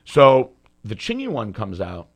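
Male podcast co-host, casual storyteller, crude and lively. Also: lowish voice, unhurried. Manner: loose, profane, animated storytelling.

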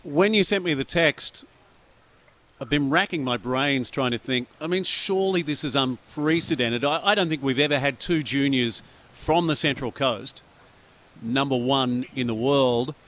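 A man's voice: medium pitch, measured pace, a bit bright. A man hosting a radio interview, asking questions conversationally. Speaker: radio host.

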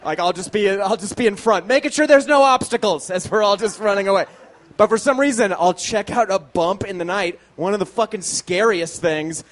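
High-voiced man telling a comic story. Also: normal speed. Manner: self-deprecating, swears often, laughs while talking. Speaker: storyteller at live show. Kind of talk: live comedic true-story telling. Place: small live venue with audience.

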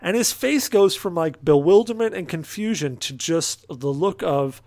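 A man co-hosting a podcast, telling a profane, animated anecdote in casual chat and acting out the other people in it. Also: high voice, moderate pace. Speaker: podcast co-host.

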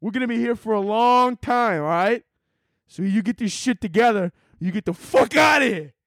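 A man voicing a big, menacing Italian mobster who shouts coarse threats. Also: high voice, animated, normal speed, dry recording, studio quality, pitched above the performer's own voice.

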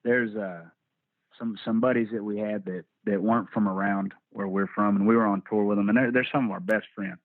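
Man, Texan accent, low-pitched, candid storyteller, swears casually, dry phone-line sound. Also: steady tone, brisk, dry recording. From Texas. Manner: candid, swears freely, laid-back storytelling. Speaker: band vocalist, podcast guest. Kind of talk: casual interview chat.

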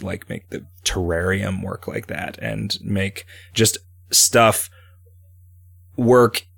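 A man with a low, deep voice chats loosely on a podcast, wandering through ideas and reading listener questions aloud. The sound is close and dry, with no room around it. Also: vocal fry, no room sound. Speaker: podcast host and game developer. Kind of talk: casual podcast chat.

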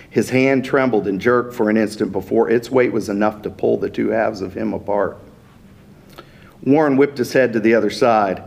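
A man's voice: lowish voice, darkish tone. Man reading a fantasy story aloud. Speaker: author reading his story.

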